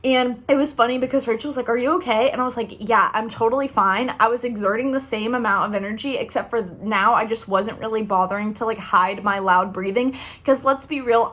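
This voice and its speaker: A woman's voice: fairly high pitch, fairly bright tone. A young woman bubbly and chatty, telling the story of her race in a casual recap with lots of fillers. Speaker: running vlogger.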